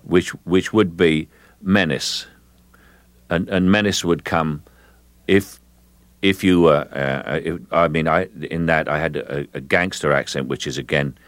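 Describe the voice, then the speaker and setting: Older english guy, very deep voice, slow and measured, dry close mic. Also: steady tone, a bit bright, no echo. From England. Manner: measured, slow, repeats words while thinking. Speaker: actor, interview guest. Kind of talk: radio interview.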